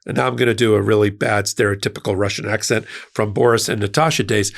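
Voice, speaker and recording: The host of a legal-political channel, a man, delivers an emphatic, scornful commentary monologue marked by sweeping jumps in pitch. He talks fast in a gravelly voice and barely pauses.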